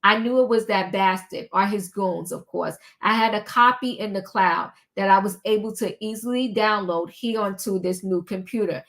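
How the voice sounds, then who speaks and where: A woman's voice: mid-range voice, fairly bright tone. An older woman talks through a long text in a casual vlog, reading it aloud and stopping often to say um or start a line over. Her voice sits in the middle range for a woman. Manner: halting, with many ums and restarts. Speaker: commentary vlogger.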